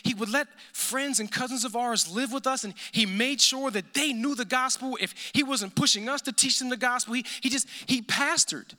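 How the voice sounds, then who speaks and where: A pastor delivering a sermon, emphatic and repeating phrases, often dropping to a hushed, intense tone. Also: male voice, very high voice, moderate pace, few pauses.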